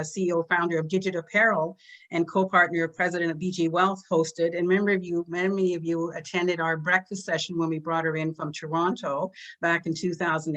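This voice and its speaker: A woman co-hosting an online business presentation, introducing a guest warmly and getting emotional, over a video call. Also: on the low side, low-quality recording. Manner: warm and emotional, chokes up.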